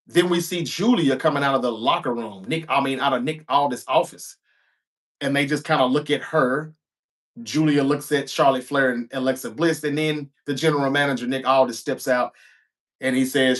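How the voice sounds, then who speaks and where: A man's voice: medium pitch, steady tone, moderate pace, fairly bright tone. A man hosting a show, recapping a wrestling episode in a casual, chatty way with offhand asides.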